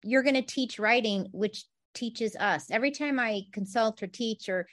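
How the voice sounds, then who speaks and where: A woman with a fairly high, slightly bright voice speaks at a moderate pace as she hosts a conversation. She reflects her guest's words back in an encouraging, thoughtful way, using "like" as filler again and again. It's a supportive, conversational chat.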